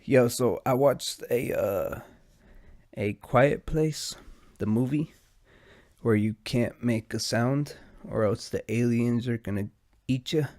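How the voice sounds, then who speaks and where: A man's voice: mid-range voice, slow, darkish tone, no room sound, studio quality. A man hosting a podcast, rambling casually with lots of swearing, his nose stuffed and a bit out of breath. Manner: profane, meandering, laid-back. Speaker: podcast host.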